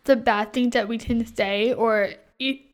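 A woman's voice: on the high side, steady tone, unhurried. A young woman co-hosting a casual Bible study chat, talking in a loose way with fillers and easy laughs. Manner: chatty, many fillers, laughs easily. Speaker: podcast co-host.

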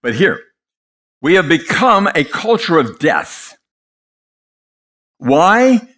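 An older man preaching a sermon, impassioned and dramatic, telling stories with pauses for effect. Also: a little high, very animated, a bit bright.

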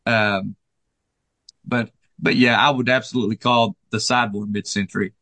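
A man co-owning a furniture store, casually walking through the showroom and describing pieces in a relaxed, friendly sales manner. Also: on the low side, normal speed, no echo.

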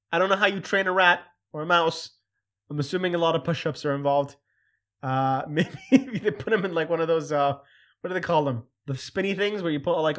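A man hosting a casual solo commentary, animated and jokey, getting louder when he mimics other people. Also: fairly high pitch. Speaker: host.

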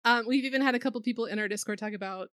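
A woman with a somewhat high voice co-hosts a gaming podcast in a loose, animated way. She jokes around and swears casually between plugs. The sound is close and dry, with no room echo. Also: very fast. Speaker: podcast co-host.

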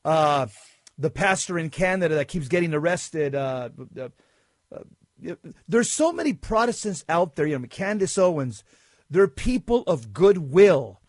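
A man's voice: a little high, sing-song, measured pace, no echo, studio quality. A man hosting an interview, asking emphatic, leading questions. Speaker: interview host. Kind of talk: conversational interview.

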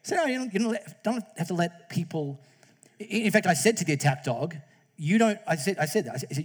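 A man's voice: high voice, animated, brisk, breathy edge. A man preaching a conversational, jokey sermon in a church, acting out quoted voices along the way. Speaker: pastor.

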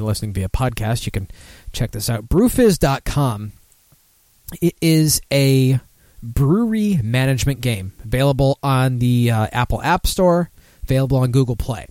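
A man hosts a loose, chatty beer podcast, rambling and swearing and poking fun at himself. His voice sits at a middling pitch and sounds close and dry, with no room around it. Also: a little mellow, dry recording. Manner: rambling, profane, self-mocking, laughs often. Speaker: podcast host. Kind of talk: casual live-stream chat.

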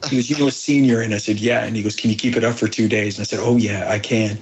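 A middle-aged actor in an interview, telling emotional stories earnestly, halting with many restarts and quoting others' dialogue. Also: male voice, fairly low pitch, fairly even intonation, slight background noise, poor audio. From abroad, moved to the United States as a child. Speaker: actor guest.

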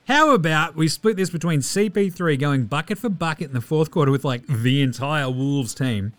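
An excitable Australian man rattles through scores in a quick, casual recap, throwing in jokes and the odd swear. His voice sits a touch high, recorded dry and close with faint music underneath. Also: no echo. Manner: excitable, swears freely, jokey asides. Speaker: podcast host. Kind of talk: fast casual sports recap.

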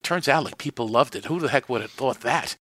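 Middle-aged New York priest, chatty and animated, talks fast with a bright edge, dry close recording. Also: male voice, medium pitch, no echo. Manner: animated storyteller with self-deprecating humor. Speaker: priest running a Catholic media network. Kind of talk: casual interview talk.

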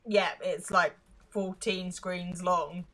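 A woman co-hosts a casual podcast, retelling a TV episode scene by scene. Her voice sits a little low but sounds bright and forceful. She laughs easily and fills her pauses with hesitant ums. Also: fairly even intonation. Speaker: podcast co-host. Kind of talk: casual chat, recapping a TV episode.

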